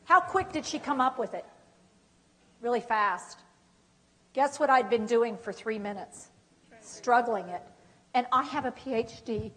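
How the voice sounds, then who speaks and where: A woman giving a dementia care training workshop, lively and animated, often acting out examples. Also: a little high, measured pace, long pauses. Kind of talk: workshop lecture.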